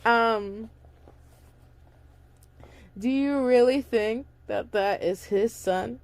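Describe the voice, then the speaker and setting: Slow and darkish, her mid-range voice carries no echo as she reads. This young woman gives a casual audiobook-style reading of a story, stumbling, restarting, and stopping for chatty asides.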